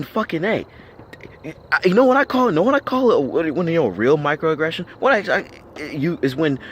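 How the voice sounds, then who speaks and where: An American vlogger with a voice on the high side and a bit of brightness rants to the camera, blunt, argumentative and constantly profane. He repeats himself for emphasis and fires off rhetorical questions, with a little hiss or hum in the background.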